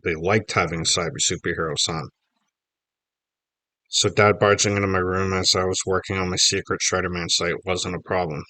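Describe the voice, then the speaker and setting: A man's voice: sits low, level tone, moderate pace, sharp tone, no room sound, clean studio sound. A man narrating a children's book in the first person, reading steadily and plainly. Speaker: audiobook reader.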